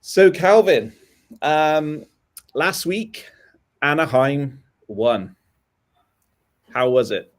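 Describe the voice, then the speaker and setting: A man hosting a live motocross talk show, relaxed and chatty with plenty of "um" and "uh" fillers. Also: fairly high pitch, very slow, long pauses. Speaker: host.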